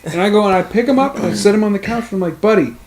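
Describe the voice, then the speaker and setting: A man's voice: high voice, rapid-fire, a little mellow. Rambling, swearing young man telling stories. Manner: rambling storytelling, swears freely, laughs often. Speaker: let's play host. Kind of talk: casual chat over gameplay.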